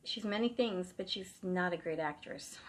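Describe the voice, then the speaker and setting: A woman's voice: lowish voice, a little slow. A woman telling a true ghost story in a casual, rambling way, full of fillers and restarts. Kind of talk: casual first-person storytelling.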